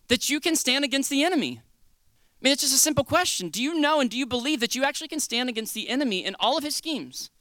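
A male preacher giving an earnest, conversational sermon with dramatic shifts between loud and quiet. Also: very high voice, dry recording.

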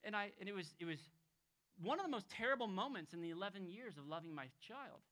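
A male pastor preaching a sermon in an emphatic way, dropping to hushed tones and rising to loud exclamations. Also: high-pitched, lively intonation, fast.

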